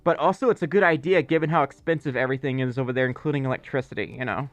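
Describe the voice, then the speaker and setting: A man's voice: mid-range voice, racing, faint music behind. A man hosting a casual livestream, chatting loosely and reading viewer messages aloud, with many fillers and asides. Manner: rambling and chatty, with filler words. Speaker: livestream host.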